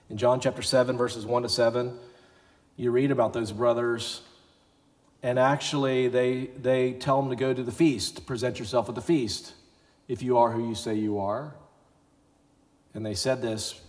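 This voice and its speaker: In a church sanctuary, a pastor preaches a conversational sermon, at times acting out the voices of people he quotes. His mid-range voice is a little mellow, and a long reverb tail trails after it.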